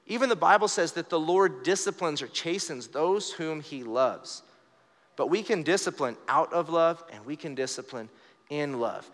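A man's voice: on the high side, lively intonation, normal speed, fairly bright tone. A young man preaching a live church sermon in a conversational, storytelling way, voicing the people in his stories. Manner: conversational, storytelling with acted quotes. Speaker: pastor. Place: church sanctuary, live service. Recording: long hall reverb.

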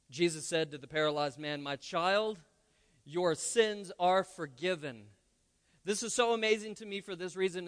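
A male pastor giving a lively, conversational sermon with playful asides, recorded in a church. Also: high-pitched. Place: church sanctuary. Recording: long church hall reverb.

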